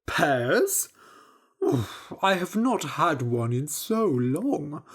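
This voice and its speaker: A woman voicing a gullible middle-aged farmer who asks slow, wondering questions. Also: low-pitched, big pitch swings, slightly rough, heavily acted. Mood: curious.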